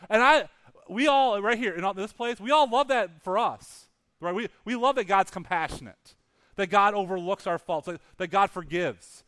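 A male pastor with a high-pitched, slightly bright voice preaches at a normal speed. He tells a story with lots of animation, acting out the characters' lines and often restarting and repeating words.

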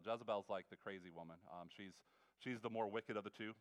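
A male preacher retelling a story in a sermon, in a casual, animated way with asides and quick restarts. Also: lowish voice, clean tone. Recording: long reverb of a large hall.

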